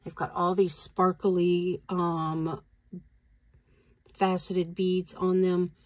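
A woman's voice: lowish voice, level tone, extremely slow, no echo. A woman reselling jewelry, chatting casually as she unboxes it, thinking aloud and laughing easily. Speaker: reseller vlogger.

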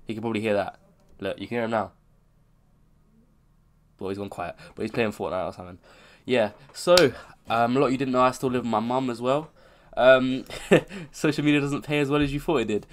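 A man's voice: medium pitch, fairly even intonation, brisk, pauses often, a little hiss or hum. A man of twenty-one, talking casually to camera at home, sounding ill and rambling with frequent self-corrections. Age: 20s. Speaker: content creator. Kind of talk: casual unscripted vlog. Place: home bedroom.

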